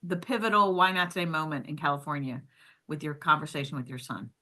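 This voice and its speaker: A woman's voice: low voice, fairly even intonation, fast talker, pushed and bright. A woman hosting a podcast, chatting enthusiastically with her guest, with plenty of "like" and "um". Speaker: podcast host. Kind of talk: casual podcast interview.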